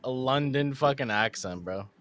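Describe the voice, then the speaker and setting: A man's voice: medium pitch, expressive, normal speed, fairly bright tone, smooth. A man co-hosting a casual gaming podcast, joking and laughing often. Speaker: podcast co-host.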